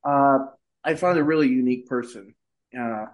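A middle-aged man, a podcast guest, telling a personal story in casual conversation and lifting his voice when he quotes himself. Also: moderate pace. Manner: animated, shifts pitch when quoting himself.

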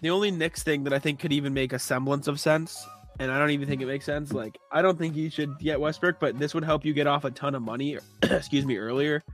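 A sniffly man co-hosting a casual sports chat, talking in a halting way and clearing his throat often. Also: a little high, steady tone, faint music behind. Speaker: co-host of a sports talk stream.

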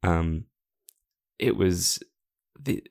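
A British man co-hosting a podcast in casual chat, hesitant and halting with fillers. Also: sits low, expressive, creaky, darkish tone. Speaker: podcast co-host.

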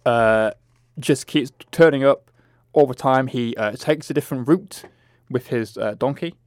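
A man co-hosting a casual film review podcast, talking in a relaxed, rambling way. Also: mid-range voice, measured pace, no room sound, studio quality. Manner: relaxed, rambling, many fillers. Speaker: podcast co-host.

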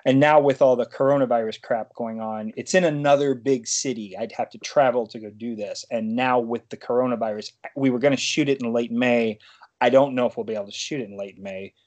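Man, podcast guest, casual chat, rambling, self-interrupting, mid-range pitch. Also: steady tone, fairly quick, darkish tone, dull audio.

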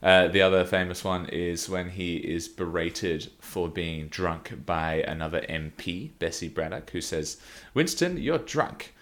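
Brief: male podcast co-host, very low voice, casual, reads quotes with punch. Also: little pitch movement, unhurried, few pauses, fairly bright tone. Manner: laughs often, reads quotes with lifted emphasis. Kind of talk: casual chat, reading out quotes.

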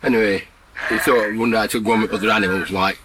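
A man's voice: lowish voice, steady tone, quick pace. A man, a farmer telling blunt, earthy rural jokes outdoors and laughing at his own punchlines. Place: outdoors on a farm in mud and mist. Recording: field recording with background noise.

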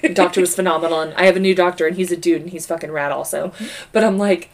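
A woman in her thirties co-hosting a podcast, telling stories in an animated way, swearing freely and laughing often. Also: fairly low pitch, quick pace. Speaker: podcast co-host. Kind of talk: casual chat.

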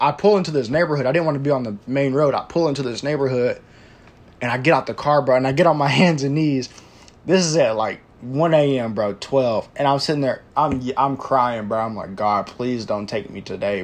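Young man, casual storyteller, slangy and profane, rambling delivery, mid-pitched voice. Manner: slangy, profane, says "bro" constantly; rambling with filler and restarts.

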